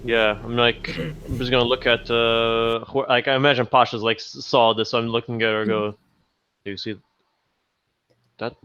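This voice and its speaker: Male tabletop player, mid pitch, filler-heavy, muffled lo-fi audio. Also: little pitch movement, fairly quick, pushed and bright, clean tone. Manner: loose, filler-heavy talk. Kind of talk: casual tabletop play.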